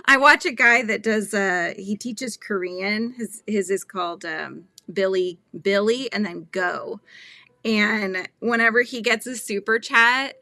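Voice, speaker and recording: A young adult woman hosting a casual painting livestream, chatty and laughing often, murmuring quietly to herself as she paints. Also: mid-range voice, a little slow, dry recording. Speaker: art livestream host.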